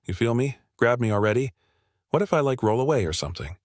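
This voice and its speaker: A man voicing the laid-back spirit of a male martial god, talking in a chill, deadpan way. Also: medium pitch, fast, no room sound, clean studio sound, natural voice.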